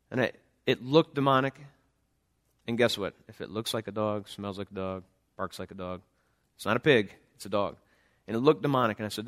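Male pastor, mid pitch, earnest sermon delivery with restarts. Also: quick pace, fairly bright tone. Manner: earnest preaching with frequent restarts and scripture readings. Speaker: father of a young son.

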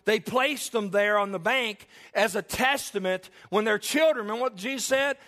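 A man's voice: high-pitched, normal speed, sharp tone. A male preacher delivering a sermon, emphatic and repetitive, telling stories to make his point.

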